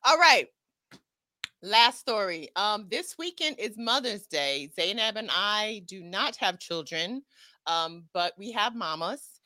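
A woman's voice: mid-range voice, expressive, slow pace, pushed and bright, dry recording. A woman co-hosting a casual chat show, talking in an emphatic, incredulous way. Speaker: podcast co-host.

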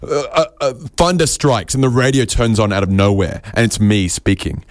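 Deadpan, rambling man, dry and close. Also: on the low side, moderate pace, no echo. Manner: rambling, deadpan, self-interrupting. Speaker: stand-up comedian. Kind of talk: absurdist stand-up set.

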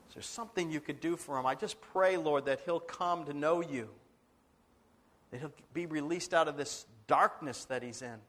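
A man's voice: a little high, moderate pace, fairly bright tone. A man, a pastor, telling a story in a sermon, earnestly acting out the dialogue of the people in it. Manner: earnest, dramatic retelling with quoted dialogue.

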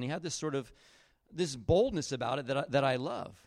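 A man preaching a sermon, retelling a Bible story in a casual, animated way with acted-out quotes. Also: mid-range voice, brisk, no room sound, clean studio sound. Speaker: pastor.

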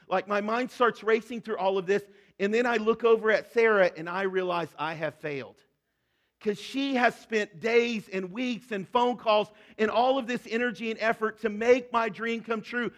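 High-voiced pastor preaching earnestly. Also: male voice, moderate pace. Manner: earnest, conversational preaching with sudden soft drops. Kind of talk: sermon.

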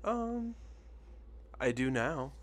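Montana-accented male co-host, middle pitch, dry teasing humor. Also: drawn-out words. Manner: deadpan teasing. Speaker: podcast co-host. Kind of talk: casual chat.

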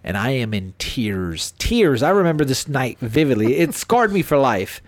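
A man's voice: medium pitch, normal speed, dry recording. A man, telling a spooky childhood story in casual, profanity-heavy chat and acting out the voices of the people in it. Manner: animated, profane, acts out voices.

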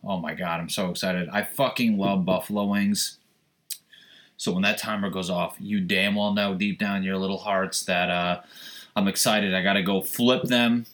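A man's voice: deep voice, steady tone, moderate pace. Profane, rambling young male podcast host. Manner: loud, profane, rambling and joking. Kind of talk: casual solo podcast rant. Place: home, seated on a squeaky chair.

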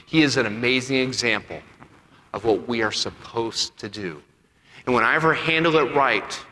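Male preacher, bright higher voice, dynamic sermon delivery, recorded in a reverberant sanctuary. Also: a little hiss or hum. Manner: dynamic, swings between loud emphatic peaks and quiet asides. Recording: echoey hall with long reverb.

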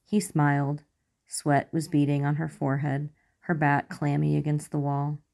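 A woman narrating romance fan fiction aloud in a measured, soft storytelling manner. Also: low voice, completely flat delivery, creaky.

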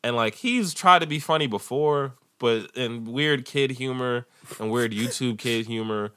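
A man in his thirties, a podcast host, telling animated stories in casual chat and laughing often. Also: medium pitch, measured pace, clear, resonant tone, dry recording, clean studio sound.

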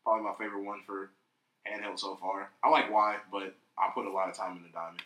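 A young man chatting casually and profanely on a podcast, rambling and animated. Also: lowish voice, fast talker, slight background noise. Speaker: podcast co-host. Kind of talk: casual chat. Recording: echoey room.

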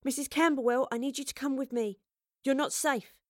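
A woman's voice: high voice, fairly even intonation, moderate pace, dry recording, voice pushed up, close to an everyday voice. A defiant, streetwise young girl from an audiobook, blunt and cold, who protests hotly when cornered, as a woman narrator takes her on. Her voice rises above the narrator's own and sounds dry, with no room around it. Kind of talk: audiobook character voice.

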